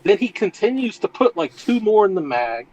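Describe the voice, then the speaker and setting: A man's voice: high voice, sing-song, moderate pace, darkish tone, muffled recording. A man co-hosting a podcast, retelling a movie scene in a loose, profane, casual way. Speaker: podcast co-host.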